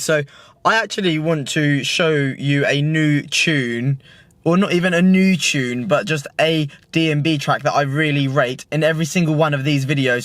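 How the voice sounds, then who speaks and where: A young British man vlogging casually to his own camera at home and in his car, excitable, slangy and full of swearing. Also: fairly high pitch. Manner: excitable, slangy and sweary, keeps saying "mate". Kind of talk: casual vlog chat to camera. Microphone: self-filmed camera.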